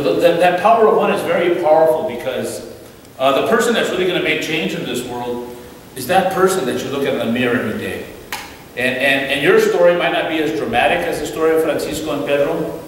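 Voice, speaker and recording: A man giving an animated storytelling talk as a guest speaker at a church, acting out the voices in his stories. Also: mid-range voice, slight background noise. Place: church hall. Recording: echoey hall from far off, faint ambience.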